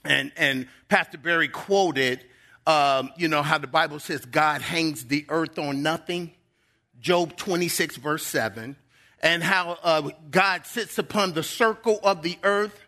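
A man's voice: on the high side, measured pace, pushed and bright. A middle-aged male pastor preaching a sermon in a church, emphatic and drawing out key words.

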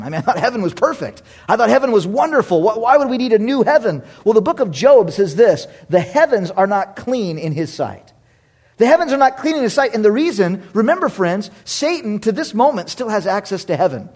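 High-voiced, animated preacher man. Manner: animated, humorous, shifts from loud exclamations to hushed asides. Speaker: pastor. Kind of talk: sermon.

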